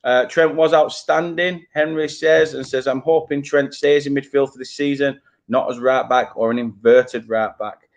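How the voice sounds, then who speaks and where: A young man with a Lancashire Burnley accent, talking in a loose, casual way as he hosts a live football watchalong. His voice sits at an ordinary middle pitch. He stumbles over hard names and laughs at his own mistakes. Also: steady tone, normal speed. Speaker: fan channel host. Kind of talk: live watchalong chat, reading chat comments.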